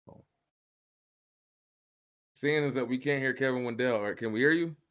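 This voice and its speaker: A man's voice: mid-range voice, normal speed, a bit bright. Male podcast co-host who is a parent. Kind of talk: casual live podcast banter.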